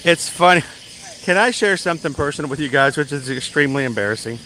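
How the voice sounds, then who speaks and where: A man's voice: a little high, expressive, fast, bright, forceful tone, a little hiss or hum. A man hosting a casual livestream outdoors at a theme park, telling a rambling story with fillers and laughs. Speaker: livestream host.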